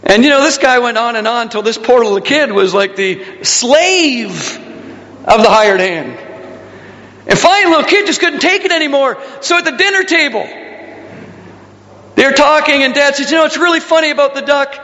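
A man's voice: extremely high pitch, lively intonation, moderate pace, sharp tone, big-room sound. A male pastor preaching a conversational sermon, asking the congregation questions and telling stories.

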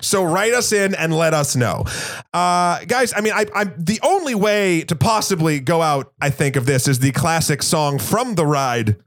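A man's voice: fairly high pitch, animated, moderate pace, a bit bright. A man hosting a movie podcast in casual chat, playful and teasing, sometimes lilting his lines in a sing-song way. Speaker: podcast host.

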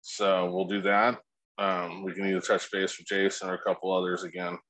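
A man's voice: deep voice, monotone, moderate pace, a bit bright, poor audio. A man co-hosting a casual podcast, laid-back and rambling, swearing freely. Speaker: podcast co-host.

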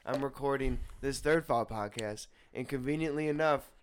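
Young man, podcast host, laid-back, swears a lot, smooth clear voice. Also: medium pitch, moderate pace. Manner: laid-back, laughs often, swears freely. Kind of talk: casual podcast chat.

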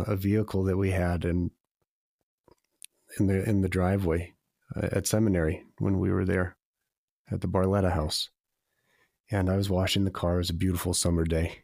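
A man's voice: sits low, gravelly, dark tone, no echo, studio quality. A man in a reflective faith conversation, speaking earnestly and confessionally, repeating phrases for emphasis.

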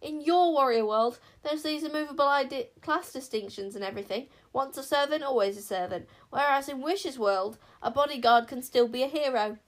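A woman's voice: high-pitched, normal speed, hardly any pauses, pitched above the performer's own voice, close to an everyday voice. A woman reading an audiobook, voicing an earnest, apologetic young male bodyguard. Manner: eager, calling out loudly. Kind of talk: audiobook character voice.

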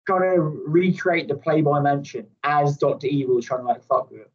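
Sweary, animated man on a distant mic. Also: on the high side, fairly quick, lo-fi sound. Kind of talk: casual chat.

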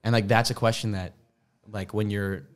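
A man's voice: lowish voice, fairly even intonation, moderate pace. A young man co-hosting a faith podcast, talking openly and earnestly in casual slang. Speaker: podcast co-host. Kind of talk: candid faith podcast chat.

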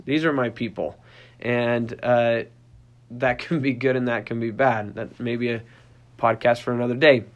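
A man in his thirties hosting a podcast, explaining in a casual, conversational way with frequent restarts and small acted-out voices. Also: mid-range voice. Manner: conversational, many restarts, acts out puppy and child voices. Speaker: podcast host, dog trainer.

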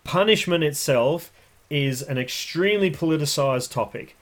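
A man's voice: fairly high pitch, lively intonation, normal speed. A man hosting a podcast, explaining dog training in a blunt, emphatic way. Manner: blunt, emphatic, acts out voices. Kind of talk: casual explanatory podcast talk.

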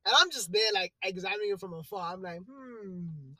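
Young south african guy from a podcast, high bright voice, dry close mic, laughs a lot. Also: fast talker, no echo. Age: young adult. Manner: animated, laughs often, trails off into mumbles. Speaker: podcast co-host. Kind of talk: casual chat.

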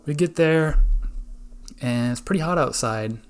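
A man's voice: fairly high pitch, a little slow, smooth. A man hosting his own podcast, telling rambling, profane stories in casual chat. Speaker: podcast host.

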